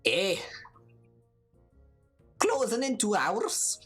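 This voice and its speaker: A woman with a low voice that swings widely up and down, talking over her gameplay in a relaxed, unhurried way. She chats casually, reads game lines aloud and giggles at her own jokes. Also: breathy edge, soft background music. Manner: chatty, giggly, self-mocking. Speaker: let's play host. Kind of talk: casual game commentary, reading dialogue aloud.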